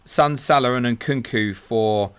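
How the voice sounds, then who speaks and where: A man's voice: medium pitch, takes it slowly, fairly bright tone, clear, resonant tone. A man hosting a live stream, chatting casually as he reads out viewer questions and answers them. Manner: chatty, reads viewer messages aloud, calls people "mate".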